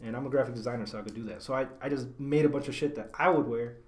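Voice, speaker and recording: A man's voice: medium pitch, very fast, darkish tone. A young man hosting a podcast, chatting casually in a loose, slangy way with plenty of swearing and fillers. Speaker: podcast host. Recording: echoey room.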